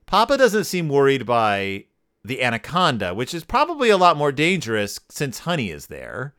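Bright, lively, sarcastic male podcast host. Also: medium pitch, moderate pace, clean tone. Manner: sarcastic and wry; rambling asides. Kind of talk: comedic book review.

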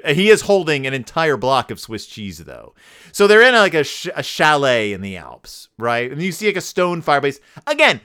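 A man with a bright, lively voice hosts a comedic podcast, tearing into a picture book with sarcasm. He swings his pitch widely as he jokes. His tone is clear and smooth. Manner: sarcastic, animated, mock accents and yodeling. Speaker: podcast host. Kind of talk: comedic book review monologue.

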